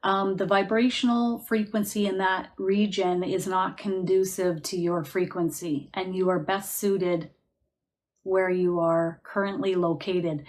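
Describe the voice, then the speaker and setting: Lower-voiced woman giving a psychic reading. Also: fairly even intonation, measured pace. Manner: reassuring, chatty, often laughing softly; guides listeners to relax and feel answers in the body. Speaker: psychic medium. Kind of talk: live psychic reading answering viewer questions.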